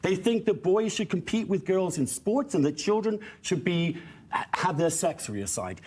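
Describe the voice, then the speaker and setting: A man's voice: sits high, animated, normal speed, noisy background. A man speaking in a passionate, emphatic way as a guest on a televised panel.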